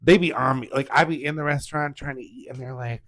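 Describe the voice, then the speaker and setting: A man's voice: medium pitch, quick pace. A man co-hosting a podcast in casual chat, telling stories with lots of laughter and acted-out quotes. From United States. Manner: animated storyteller, acts out quoted voices, laughs often. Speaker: podcast co-host.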